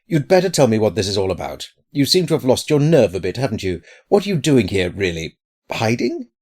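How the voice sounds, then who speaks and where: A man voicing a practical, puzzled young man who talks briskly and tries to soothe. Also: on the low side, sing-song, a little mellow. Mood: urgent.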